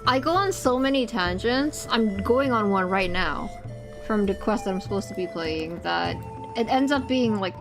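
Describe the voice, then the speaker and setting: A woman with a medium-pitched voice and lively intonation live-streams a game at a normal speed, with game music playing behind her. She chats casually with viewers in a rambling way and squeals when something startles her.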